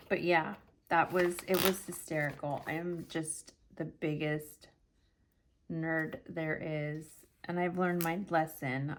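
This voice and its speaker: Brief: middle-aged woman vlogger, lower pitch, chatty and animated, casual storytelling, faint hiss behind. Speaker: planner vlogger.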